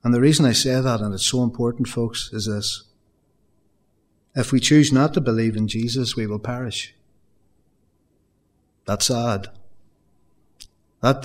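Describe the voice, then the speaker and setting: Man, pastor preaching, earnest, repeats phrases for emphasis, medium pitch. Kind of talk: sermon.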